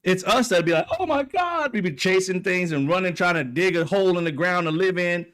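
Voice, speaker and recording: Heated, profane high-voiced man ranting. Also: steady tone, brisk, fairly bright tone, smooth. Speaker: political commentator. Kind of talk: ranting monologue.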